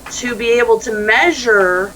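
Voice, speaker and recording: Bright-voiced animated woman. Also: on the high side, measured pace, a little hiss or hum, rough recording. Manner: animated storyteller who acts out quoted dialogue and laughs easily. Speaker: life coach, interview guest. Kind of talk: conversational interview.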